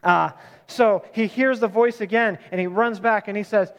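A man's voice: high-pitched, fairly even intonation, normal speed, muffled recording. A man in his thirties giving a sermon as a pastor, retelling a story in a casual, conversational way and often correcting himself. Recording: long reverb of a large hall.

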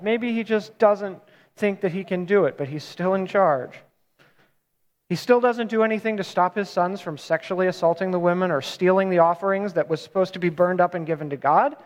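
A man with a high voice preaches in a relaxed, chatty way. He often stops to correct himself. His voice rings with the long reverb of a large hall. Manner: casual, conversational retelling with self-corrections. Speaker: pastor. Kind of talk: sermon.

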